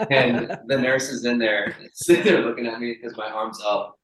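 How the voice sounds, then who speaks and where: A young adult man, a strength coach, telling a profane, animated story in casual chat and acting out the people he quotes. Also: mid-range voice, normal speed, reverberant, poor audio.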